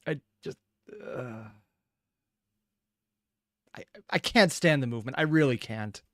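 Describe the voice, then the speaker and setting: A man casually reacting to a video, chatty and excitable, swearing freely. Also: mid-range voice, unhurried, no room sound, clean studio sound.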